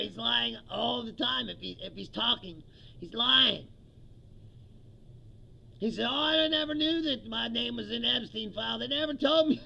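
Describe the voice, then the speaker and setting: A comedian in a profane, mocking rant, his voice high, raspy and gravelly. He laughs often and slips into quoted voices. The recording is dull and muffled. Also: bright, forceful tone. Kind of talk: stand-up style political rant.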